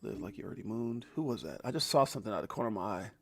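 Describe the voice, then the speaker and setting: A man hosting a livestream, talking excitedly to his chat and repeating himself. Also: fairly low pitch, racing, creaky. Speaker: livestream host.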